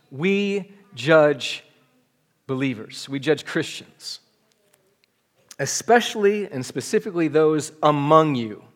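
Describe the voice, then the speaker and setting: Pastor preaching in a reverberant hall. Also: male voice, a little high. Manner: conversational, asks the congregation "right?". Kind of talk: sermon. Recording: long reverb of a church hall.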